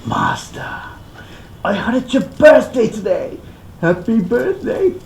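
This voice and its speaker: A performer voicing an eager, flattering male guest. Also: mid-range voice, slow, roomy sound, voice pushed up. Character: eager male visitor who flatters and teases his host. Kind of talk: rakugo storytelling.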